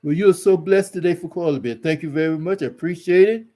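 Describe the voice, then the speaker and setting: A man with a fairly high but mellow, warm voice delivers religious relationship advice. He talks in a folksy, exhorting way, hammering points home by repeating his words. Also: fast. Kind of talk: preachy religious advice talk.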